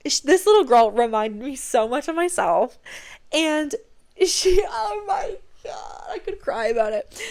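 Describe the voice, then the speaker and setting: A young adult woman hosting a podcast, telling stories in a gushing, excitable way with casual swearing. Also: fairly high pitch. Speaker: podcast host. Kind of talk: casual chat.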